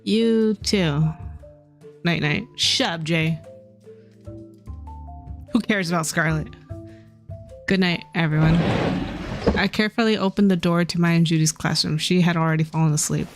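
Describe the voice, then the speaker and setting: A woman's voice: on the low side, measured pace, pauses often, soft background music. A woman streaming an otome game, reading its dialogue aloud and chatting playfully with her viewers, with small changes of voice for the characters.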